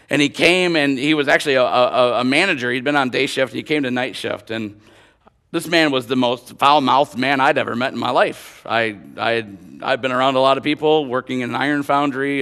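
A middle-aged pastor from Northern Illinois, preaching a sermon through a personal workplace story with preacherly emphasis. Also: male voice, medium pitch, fairly bright tone.

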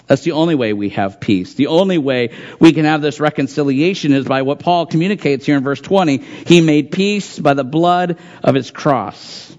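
Earnest preacher man, somewhat high voice. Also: normal speed, hardly any pauses, darkish tone, highs cut off. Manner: earnest preaching, reads scripture aloud, repeats phrases for emphasis. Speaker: pastor. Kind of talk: sermon.

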